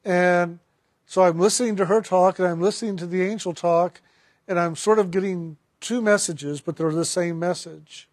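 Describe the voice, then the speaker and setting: A man with a fairly high voice recounts a personal spiritual story in an earnest, gentle way. He often restarts his sentences, and the close, dry recording has no room sound. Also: steady tone, normal speed, dry recording. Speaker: spiritual counselor.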